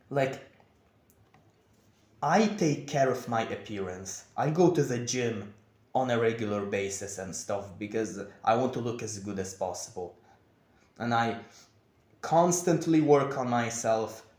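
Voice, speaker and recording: A young man talking in a confessional vlog, with a monotone, over-enunciated delivery. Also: medium pitch, slow, long pauses. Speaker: vlogger. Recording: echoey room.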